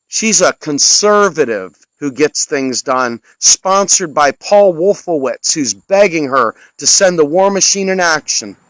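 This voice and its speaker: A man tears into his audience in an impassioned political rant, his tone angry and openly sarcastic. His voice sits a little high for a man. The sound is dry and close, with no room around it. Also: a bit bright, dry recording, poor audio. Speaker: political commentator.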